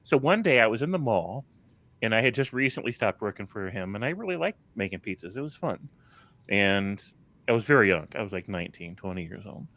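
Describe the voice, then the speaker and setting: A man co-hosting a casual chat show, telling a relaxed personal anecdote. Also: fairly low pitch, fairly quick, dry recording. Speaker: podcast co-host.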